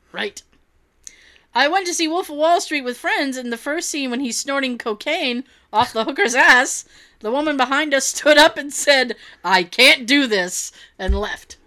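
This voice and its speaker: A woman's voice: sits high, pushed and bright. A woman chatting casually and reading out funny stories, giggling and acting out quotes in silly voices.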